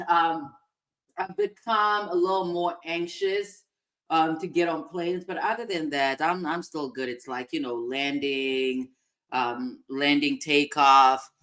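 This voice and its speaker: A woman co-hosting a podcast, telling a story in a casual, animated way with big swings in loudness. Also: sits low. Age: adult parent of a young child. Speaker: podcast co-host.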